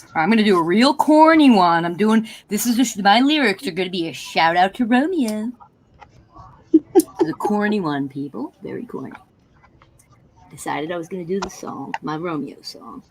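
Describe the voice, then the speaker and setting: A woman's voice: medium pitch, lively intonation, normal speed, a little hiss or hum, rough recording. Chatty woman telling a laughing story. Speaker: participant in a friends' video chat. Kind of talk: casual chat.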